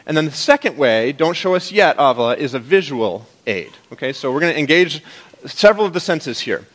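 A man's voice: a little high, a bit bright. A man as pastor, preaching to his congregation in a conversational, playful way. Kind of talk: sermon.

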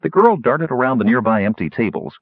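A man narrating a fantasy audiobook in a lively, expressive reading. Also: medium pitch, fairly quick, slightly rough, no room sound. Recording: tinny phone-like audiobook recording.

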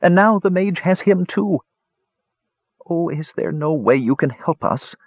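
Pleading little wren woman read by a man, higher husky voice, lo-fi storybook. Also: animated, unhurried, dry recording, exaggerated voice. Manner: pleading and sighing. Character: small frightened enchanted female wren. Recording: slightly dull lo-fi recording.

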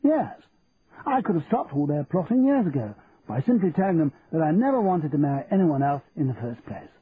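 A man voicing a dry, affectionate upper-class English gentleman, over a tinny line with faint hiss. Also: fairly high pitch, very animated, brisk, voice pushed up. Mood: fond.

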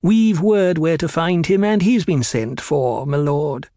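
A man's voice: fairly high pitch, unhurried, warm tone, dry recording, studio quality, voice pushed up, lightly acted. A man voicing a silky, nervous male advisor who answers his master deferentially and hesitantly.

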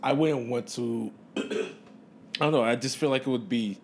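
A man's voice: medium pitch, moderate pace. A man co-hosting a podcast, talking casually and hesitantly, with many restarts. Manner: hesitant, full of likes and restarts. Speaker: podcast co-host. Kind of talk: casual chat.

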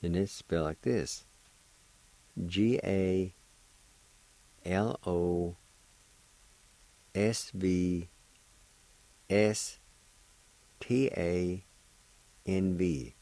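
Over a rough, roomless recording, a man with a low, mellow voice and fairly even intonation teaches a language lesson on the radio. He takes his time, saying each word again and spelling it letter by letter.

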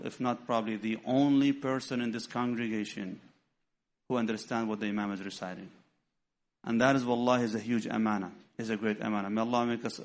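A middle-aged man whose first language is Arabic, giving a storytelling sermon, acting out dialogue and weaving in Arabic phrases. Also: mid-range voice. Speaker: imam giving a talk.

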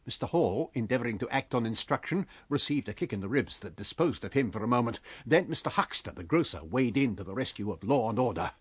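A man reading a novel aloud as an audiobook narrator with expressive storytelling. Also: medium pitch, quick pace, few pauses, slightly rough, no room sound. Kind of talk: scripted narration.

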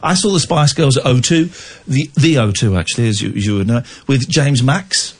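A man's voice: moderate pace, husky, dry recording. A man hosting a late-night radio phone-in, chatting in a rambling, self-mocking way on a close studio mic. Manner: rambling, self-mocking, jumps between pitches. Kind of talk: casual talk radio chat. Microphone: close studio microphone.

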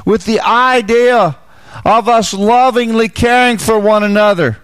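A man with a high voice gives a Bible teaching sermon in a dry, close sound. He repeats his key phrases, puts questions to the listeners, and drops low and slow to press a point home. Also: fairly bright tone, clear, resonant tone, no echo. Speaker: preacher.

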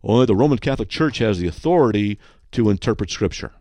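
A man's voice: lowish voice, lively intonation, fast talker, a little mellow, no room sound, lightly acted. A man quoting and acting out a stubborn male churchgoer who insists on church authority. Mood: insistent.

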